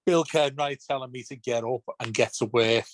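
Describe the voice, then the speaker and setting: A man's voice: medium pitch, normal speed, dry recording. A man chatting on a casual podcast, rambling and restarting his sentences. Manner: rambling, repeats words when starting sentences. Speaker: podcast guest.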